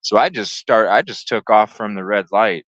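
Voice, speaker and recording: A man's voice: on the low side, moderate pace, a bit bright, no echo, dull audio. A man hosting a podcast, telling a story casually and animatedly, swearing and acting out the voices. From lived in Chicago. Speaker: podcast host.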